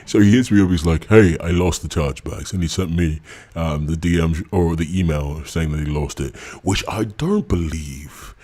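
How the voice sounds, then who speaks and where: A man's voice: sits low, normal speed, warm tone, husky. A man streaming, reading out messages and mocking them with scorn. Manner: mocking, scornful, laughs at what he reads. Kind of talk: ranting commentary reading messages aloud.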